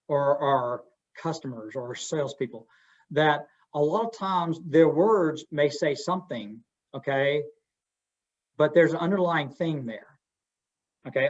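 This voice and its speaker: Man presenter, fairly high voice, folksy and interactive, muffled webinar sound. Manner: folksy, asks the audience questions. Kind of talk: interactive workshop talk. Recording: dull lo-fi webinar audio.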